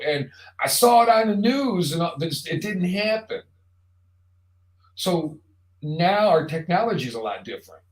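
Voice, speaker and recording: A man hosting a live online show, talking casually in a rambling, jokey monologue straight to the viewer. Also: a little high. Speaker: show host. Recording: roomy echo.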